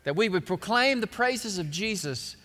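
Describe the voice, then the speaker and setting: A male pastor preaching a sermon, swelling loud and then dropping quiet. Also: high voice, animated, normal speed. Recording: long hall reverb.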